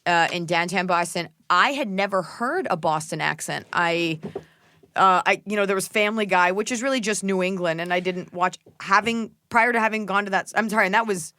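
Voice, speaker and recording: A woman's voice: medium pitch, sharp tone, no room sound. Joking woman podcast host from Texas. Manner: quick, joking, teasing banter. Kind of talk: casual chat.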